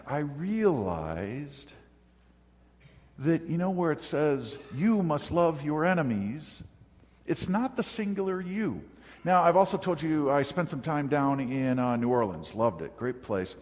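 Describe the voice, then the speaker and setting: A man serving as pastor, preaching a conversational sermon with reflective storytelling and gentle humor, from the northern United States. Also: a little high, big pitch swings, slow. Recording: hall reverb.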